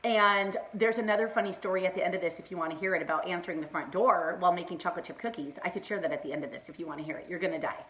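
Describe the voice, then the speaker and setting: Racing with hardly a pause, a fairly low, fairly bright female voice comes through with a little hiss or hum. The speaker, a middle-aged woman, chats casually on Facebook Live, bubbly and rambling, laughing often and greeting viewers by name.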